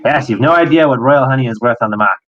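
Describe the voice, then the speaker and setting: Shrewd older woman herbalist, played by a man; dry and teasing, middle-pitched, muffled recording. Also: rapid-fire, natural voice. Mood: wry.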